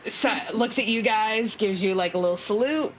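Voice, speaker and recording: A woman narrating a tabletop game as game master, unhurried, with many fillers and restarts. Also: medium pitch, slight background noise, rough recording.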